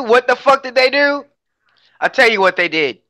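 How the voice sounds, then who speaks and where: A man's voice: sits high, wildly swooping pitch, normal speed, bright, forceful tone. A man on a panel, answering emphatically, repeating points for force and swearing freely. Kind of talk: casual panel discussion.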